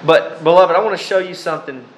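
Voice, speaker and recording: A man preaching a sermon, reading scripture aloud and speaking to his listeners in short, deliberate phrases. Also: fairly high pitch, steady tone, a little hiss or hum, low-quality recording. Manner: addresses listeners as beloved, pauses between short phrases.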